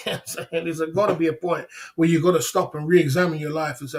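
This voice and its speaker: Man, middle-aged, livestream host, blunt, lecturing, repetitive, slightly high-pitched. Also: fairly even intonation, fast talker. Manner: blunt and lecturing, repeats "you know what I'm saying". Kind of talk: casual livestream rant.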